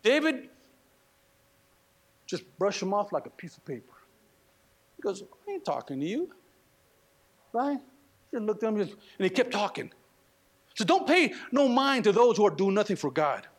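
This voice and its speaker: A man preaching a sermon, animated, with slangy asides and acted-out quotes. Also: high-pitched, normal speed, pauses often. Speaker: pastor.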